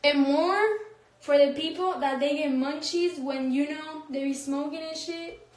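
A woman's voice: high-pitched, fairly even intonation, unhurried, roomy sound, noisy background. A young woman chatting casually on a phone livestream, reading comments, slangy and laughing often. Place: room, recording a phone livestream.

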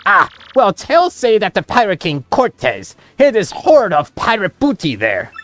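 A woman's voice: medium pitch, huge pitch swings, moderate pace, fairly bright tone, no echo. Woman putting on a boastful rich merchant man. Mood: excited. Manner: theatrical fake-Italian phrasing, grand boasts. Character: pompous rich male merchant, dramatic and greedy. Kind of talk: voicing game dialogue aloud.

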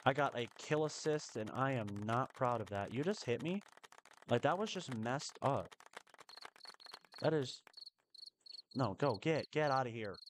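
A man giving live commentary on his own gameplay, excitable and quick to burst into strings of repeated protests. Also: medium pitch, background noise. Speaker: live streamer.

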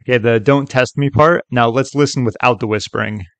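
A man at a middling pitch, talking casually through a tutorial and filling his sentences with "like" and "okay". His voice sits close and dry on a desk mic, with no room sound. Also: steady tone, brisk, fairly bright tone, dry recording. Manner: loose and chatty, many fillers like "like" and "okay". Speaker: tutorial host. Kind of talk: casual screen-recorded tutorial.

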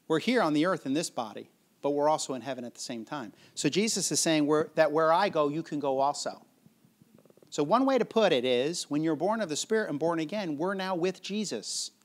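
A man preaching with a fairly high voice, talking conversationally and often turning to his listeners with questions. He chuckles now and then while he unpacks the passage, and the tone stays easy and informal. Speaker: pastor. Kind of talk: sermon.

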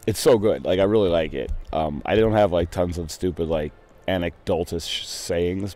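A man's voice: deep voice, moderate pace, warm tone. A young man chatting casually in a voice channel, rambling, swearing and getting sidetracked. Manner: rambling, profane, easily sidetracked. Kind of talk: casual voice chat. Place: at a computer in a voice channel.

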